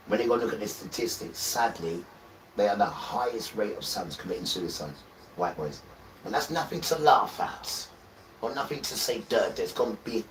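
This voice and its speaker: A man preaching on a livestream, repeating himself, tagging "right?" onto his points and swelling loud when he reads scripture. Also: fairly low pitch, a little hiss or hum. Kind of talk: impassioned religious livestream preaching. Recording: roomy echo, distant from the mic, faint background ambience.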